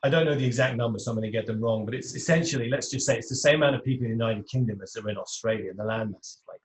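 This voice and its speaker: A man with a British accent, a podcast guest, explaining his ideas in a measured, reflective way. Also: medium pitch. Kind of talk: conversational interview. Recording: echoey room sound.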